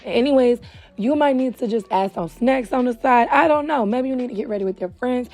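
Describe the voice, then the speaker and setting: Young woman, wig tutorial host, chatty, a bit hoarse and winded, mellow dark tone. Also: fairly high pitch, fairly quick, faint music behind. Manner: chatty, calls viewers girl and baby. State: tired and hoarse, short of breath. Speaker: beauty supply wig stylist host. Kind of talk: casual tutorial talk to camera. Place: indoors at home.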